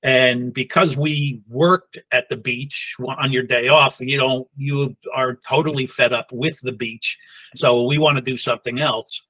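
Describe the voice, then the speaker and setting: A man in his sixties from the New York area, a podcast guest telling stories in an unhurried casual way. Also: medium pitch, steady tone, pushed and bright, rough recording. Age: 60s. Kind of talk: casual chat.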